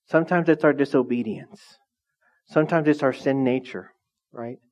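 A middle-aged male pastor preaching a lively, conversational sermon, often asking the congregation questions. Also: medium pitch, moderate pace. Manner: asks the congregation frequent questions. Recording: dull lo-fi sound.

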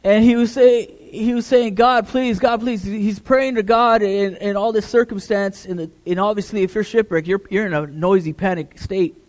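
A man's voice: high-pitched, fairly even intonation, normal speed, hardly any pauses, a little mellow. A middle-aged man, a pastor, preaching a conversational sermon, repeating words as he builds emphasis.

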